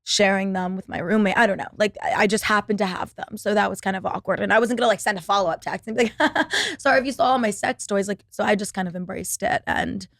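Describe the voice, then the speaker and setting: A woman's voice: mid-range voice, fairly even intonation, quick pace, vocal fry, fairly bright tone, dry recording. Young woman podcasting solo, rambly and sweary, fillers everywhere, dry close sound. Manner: rambling, profane, lots of "like" fillers. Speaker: podcast host. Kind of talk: casual solo podcast monologue. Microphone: laptop setup.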